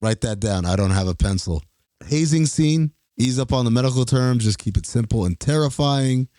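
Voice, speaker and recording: A man's voice: medium pitch, moderate pace, dry recording, studio quality. A man co-hosting a film podcast, joking and arguing his picks in casual chat. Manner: joking, animated, argumentative. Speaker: podcast co-host.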